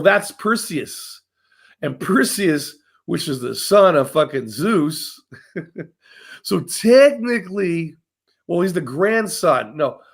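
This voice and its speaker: A man's voice: a little high, breathy edge. A man retelling myths in a casual, rambling chat, swearing constantly. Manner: profane, rambling, animated.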